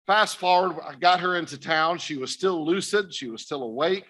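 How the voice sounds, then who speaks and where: A man's voice: a little high, moderate pace, bright, forceful tone, slight background noise. An older man giving an earnest personal testimony talk to a conference audience, speaking directly to his listeners. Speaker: missionary speaker. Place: conference stage.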